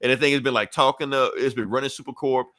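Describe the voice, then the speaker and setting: A man's voice: mid-range voice, fairly even intonation, sharp tone, dry recording. A man hosting a comic book podcast, chatting loosely and swearing as he retells events. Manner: loose, profane storytelling with quick acted-out quotes. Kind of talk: casual chat.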